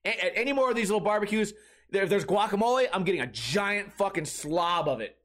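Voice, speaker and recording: A man with a high voice rambles through a casual comedic monologue as a podcast host. He swears a lot and tells his stories in a lively, animated way. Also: fast. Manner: rambling, profane, animated storytelling.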